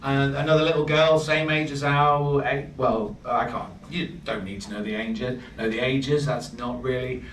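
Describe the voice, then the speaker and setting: A man's voice: medium pitch, steady tone, normal speed, hardly any pauses, a bit bright. A man in his thirties doing a rambling, self-deprecating stand-up set with lots of asides. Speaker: stand-up comedian. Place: comedy night in a bar, live audience laughing. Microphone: handheld stage mic, recorded from a distance. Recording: roomy, distant, noisy bar recording.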